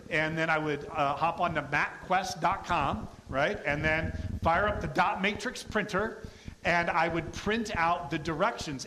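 A middle-aged man preaching a sermon in a lively, conversational way, often acting out quoted voices. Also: on the high side, slight background noise. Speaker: pastor.

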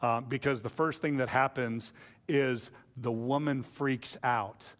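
A man's voice: medium pitch, fairly even intonation, slow, fairly bright tone, in a large hall. A male pastor preaching a sermon in a casual, joking storytelling way.

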